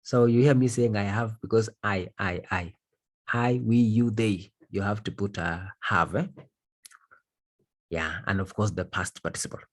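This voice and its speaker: Husky male English teacher. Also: on the low side, a little slow. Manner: repetitive, emphatic, checks understanding. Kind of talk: grammar lesson.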